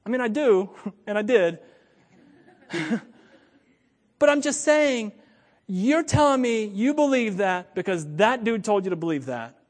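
High-voiced man preaching in a reverberant hall. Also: unhurried, long pauses. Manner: animated, swings from loud emphatic points to low joking asides. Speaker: pastor. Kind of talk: sermon.

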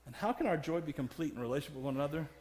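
A man's voice: a little high, lively intonation, rapid-fire, darkish tone, big-room sound. A man preaching a sermon in a church, joking about himself and laughing often as he speaks. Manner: humorous, self-deprecating, laughs often. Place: church sanctuary.

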